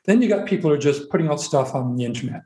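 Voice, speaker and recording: A man as a podcast guest, calmly explaining his ideas step by step in conversation. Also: fairly high pitch, very fast. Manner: methodical, lays out points step by step. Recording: roomy echo.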